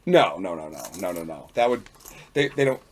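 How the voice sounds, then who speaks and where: A man's voice: low-pitched, sing-song, normal speed. A man playing a tabletop game, thinking aloud and narrating what his character does. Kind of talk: casual game chat.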